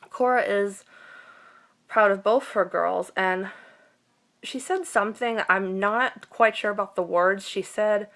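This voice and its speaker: A woman's voice: medium pitch, fairly bright tone. A woman giving a casual vlog recap of a TV episode, emotional and gushing, with many fillers and restarts. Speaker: TV recap vlogger.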